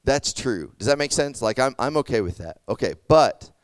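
In a conversational sermon, a young man who serves as a youth pastor speaks at normal speed in an expressive, medium-pitched voice, with no echo. Fillers abound, and he keeps asking "okay?" and "does that make sense?"

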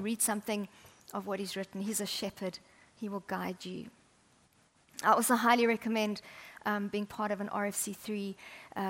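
A woman preaching a sermon, chatty and humorous, often dropping to soft, intimate tones. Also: medium pitch.

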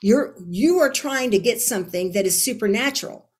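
A woman's voice: a little high, animated, moderate pace, a little mellow, breathy edge. A woman Bible teacher and speaker talking as a podcast guest in an earnest, emphatic way, often repeating and restarting her phrases. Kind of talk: casual interview conversation.

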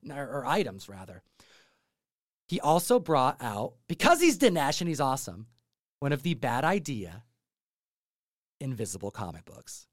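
A man's voice: mid-range voice, moderate pace, no room sound, clean studio sound. A man hosting a comic book podcast in casual chat, telling stories and acting out what others said. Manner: animated storytelling, acts out quotes. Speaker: podcast host.

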